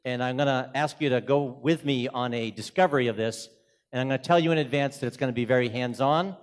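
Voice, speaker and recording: Energetic Boston man giving a talk. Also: medium pitch, quick pace. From Boston, USA. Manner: energetic, joking, moves around a lot. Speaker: conference speaker. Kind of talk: lively conference presentation. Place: hotel conference room.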